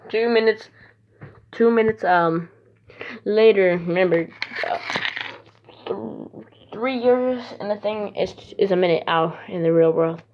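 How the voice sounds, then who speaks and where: A woman's voice: on the low side, slow, long pauses. A woman casually telling an improvised fan story, rambling with lots of "he's like" and restarts. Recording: dull lo-fi recording.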